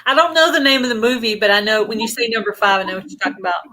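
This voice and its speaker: A woman's voice: a little high, racing, crowd noise, low-quality recording. A middle-aged woman hosting a casual live-stream interview, chatty and prone to giggling as she tells stories. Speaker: host.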